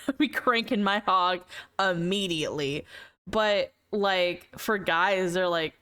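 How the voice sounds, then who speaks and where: A woman's voice: medium pitch, a little slow, a bit bright, clear, resonant tone. A young woman livestreamer chatting casually with her viewers, giggling often and repeating words as she talks. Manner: giggly, laughs often between sentences. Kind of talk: casual chat with stream viewers.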